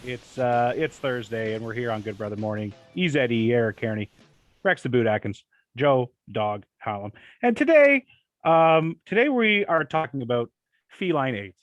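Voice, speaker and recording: A young man co-hosting a podcast, telling rambling crude stories and doing quick impressions in casual comedic chat. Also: medium pitch, expressive, no echo, soft background music. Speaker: podcast co-host.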